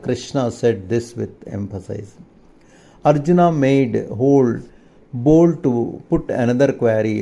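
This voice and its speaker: A man reading a spiritual text in a measured, earnest way. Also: medium pitch, expressive, warm tone. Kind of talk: scripture reading.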